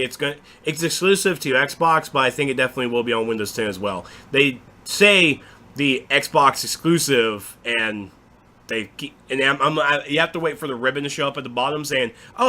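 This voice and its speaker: A man hosting a casual recap of game news, excitable and swearing freely. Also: medium pitch. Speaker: gaming show host.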